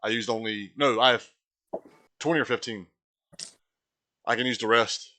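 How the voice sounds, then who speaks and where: A man's voice: medium pitch, normal speed, sharp tone. A man player in a tabletop game, hesitant and rambling.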